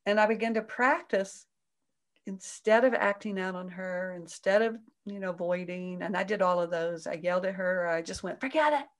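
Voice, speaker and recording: Woman explaining parenting stuff in an interview, gentle and soothing, does voices that jump way up in pitch. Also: steady tone, moderate pace. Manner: acts out quoted voices with big pitch jumps. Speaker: parenting coach guest.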